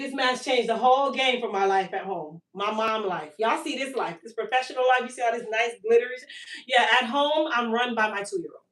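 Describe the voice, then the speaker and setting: A woman, hosting a live stream for her hair care business and telling a long-winded, animated story about her toddler. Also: fairly high pitch, distant mic. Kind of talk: casual live-stream sales chat. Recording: echoey room, voice a bit off-mic.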